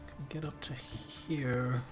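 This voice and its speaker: A man streaming a game live, chatting through his turns and breaking into excited outbursts. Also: mid-range voice, slow pace, over music. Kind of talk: live gameplay commentary.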